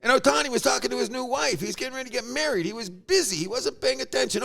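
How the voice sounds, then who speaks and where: A man's voice: extremely high pitch, lively intonation, quick pace, gravelly, few pauses, fairly bright tone. A man hosting a podcast, talking sports in a jokey, storytelling way. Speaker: podcast host. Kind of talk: casual sports chat.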